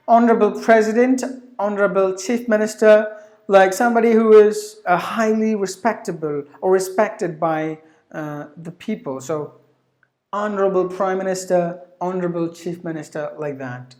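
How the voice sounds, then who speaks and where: A woman teaching English pronunciation who repeats each word slowly and spells out its letters. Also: medium pitch, darkish tone. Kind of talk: pronunciation lesson. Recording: echoey room.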